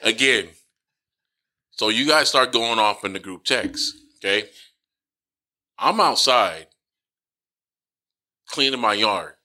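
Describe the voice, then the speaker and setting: A man's voice: on the low side, expressive, slow pace, long pauses, pushed and bright. A man co-hosting a casual podcast among friends, telling a story with lots of swearing and laughter. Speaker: podcast co-host.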